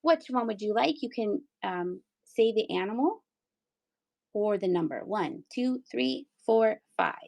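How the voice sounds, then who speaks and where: A woman's voice: medium pitch, animated, measured pace, vocal fry, a little mellow. A middle-aged woman from Pennsylvania hosting a live-stream sale, chatty and playful, with giggles and sing-song asides. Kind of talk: casual live-sale chat.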